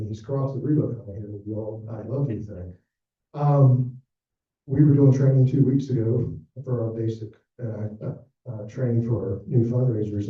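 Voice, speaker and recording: A middle-aged man giving a workshop talk to fundraisers, telling stories and acting out quoted dialogue, in a conference room. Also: mid-range voice. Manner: storytelling, acts out quoted dialogue. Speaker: planned giving director presenting a workshop. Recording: distant, echoey, dull room recording.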